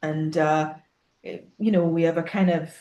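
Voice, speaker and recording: Woman, Scottish accent, podcast co-host, casual chat, animated storyteller, echoey room. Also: deep voice, normal speed, dull audio. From northeast Scotland. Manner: animated storytelling, acts out quoted voices.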